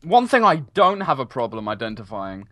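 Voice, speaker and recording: A man's voice: medium pitch, very animated, brisk, a bit bright, dry recording. A young man from the United Kingdom chatting casually while playing a game, teasing and joking with frequent laughs. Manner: teasing, jokey, laughs often. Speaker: gamer. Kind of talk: casual gaming chat.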